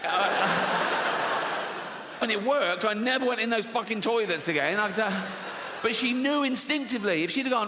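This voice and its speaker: A man's voice: high-pitched, lively intonation, normal speed, heavy background noise. A middle-aged man doing stand-up comedy, telling stories in a brash, swearing manner and acting out his mum's voice, on a big theatre stage. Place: large theatre stage with a live audience. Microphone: stage microphone. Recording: live hall recording with long reverb.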